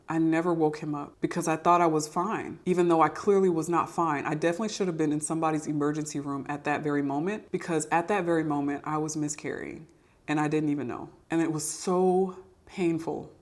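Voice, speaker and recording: A low-pitched woman tells her personal testimony. She talks in a candid, earnest, confessional way and repeats phrases for emphasis. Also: steady tone, moderate pace. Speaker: podcast host sharing testimony.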